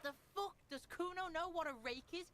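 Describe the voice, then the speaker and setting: A woman's voice: very high-pitched, a little fast, heavy background noise. A woman voicing a foul-mouthed street boy. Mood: taunting. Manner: crude and taunting.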